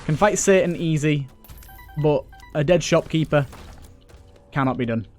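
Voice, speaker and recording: A man's voice: on the high side, unhurried, darkish tone, soft background music. Joking young man grumbling at a game. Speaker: let's play gamer. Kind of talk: casual gameplay commentary.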